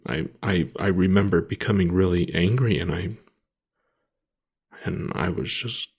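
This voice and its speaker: Grieving guy telling his story, gravelly voice, talks real slow with lots of stops and restarts. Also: deep voice, a little mellow, dull audio. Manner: halting, many restarts and pauses. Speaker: podcast co-host. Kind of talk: personal storytelling.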